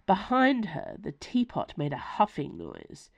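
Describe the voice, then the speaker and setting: A woman reading her own novella aloud in expressive, lively scripted narration. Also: low-pitched, unhurried, vocal fry, lo-fi sound.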